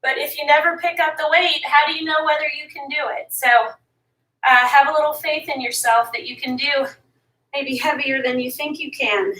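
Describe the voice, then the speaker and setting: A woman leads a workout while doing it herself, pushing listeners to keep going. Her voice is high and bright. She sounds set back from the mic in an echoey room. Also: steady tone, normal speed, recorded from a distance. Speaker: fitness instructor. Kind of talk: workout coaching while exercising.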